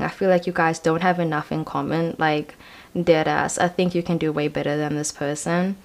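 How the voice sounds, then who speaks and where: A woman's voice: on the low side, creaky. A young woman giving a casual tarot card reading, talking in a chatty, slangy way full of "like" and "I feel like". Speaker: tarot reader.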